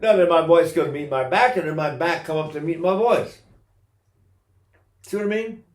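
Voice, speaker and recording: A man's voice: on the high side, moderate pace, echoey room. An older man teaching singing technique in a rambling way, breaking into sung vowels and imitated voices to demonstrate. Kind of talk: recorded voice lesson.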